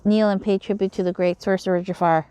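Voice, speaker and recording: A woman's voice: mid-range voice, steady tone, quick pace, warm tone, clean tone, no room sound, lightly acted. A woman voicing a smug, commanding male villain sorcerer. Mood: gloating.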